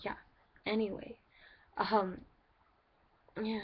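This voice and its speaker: A woman's voice: mid-range voice, little pitch movement, moderate pace, highs cut off. A woman telling a story in a casual vlog, rambling with lots of "like" and restarts. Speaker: vlogger.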